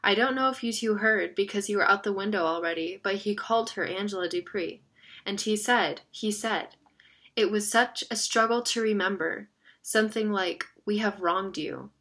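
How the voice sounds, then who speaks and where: A woman's voice: medium pitch, normal speed, fairly bright tone. A woman voicing a shaken, frightened young boy in a read-aloud story.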